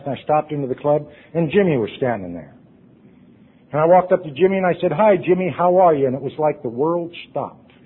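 A man telling his recovery story to a meeting, earnest, his voice dropping hushed at emotional points. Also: on the low side, slightly rough. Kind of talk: personal recovery talk. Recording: tinny phone-like recording.

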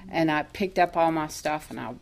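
A woman's voice: low voice, moderate pace, gravelly. A woman telling her own recovery story at a meeting, candid and self-mocking, laughing often as she talks. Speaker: recovery speaker.

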